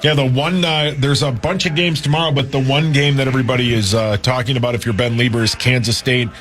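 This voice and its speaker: A man's voice: medium pitch, steady tone, fast, a bit bright. A man co-hosting a sports radio show, teasing the others and reading game promos in a dry way. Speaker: radio co-host. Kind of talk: casual sports radio banter.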